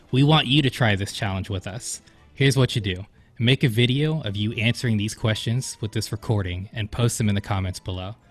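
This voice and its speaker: A man's voice: lowish voice, a bit bright. A man on a casual podcast, answering quiz questions with short snappy replies. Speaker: podcast co-host and quiz contestant.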